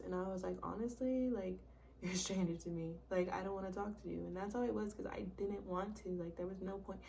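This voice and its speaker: A woman's voice: fairly low pitch, little pitch movement, fast, vocal fry, warm tone, far from the mic, slight background noise. A young woman telling a personal story in casual vlog style, blunt and profane, with many "like"s and "bro"s, sometimes dropping to a whisper. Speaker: vlogger.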